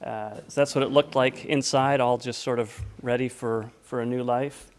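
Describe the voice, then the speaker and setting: A man presenting a housing project update to a town council, relaxed and informal with many filler sounds. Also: medium pitch, moderate pace. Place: council chamber.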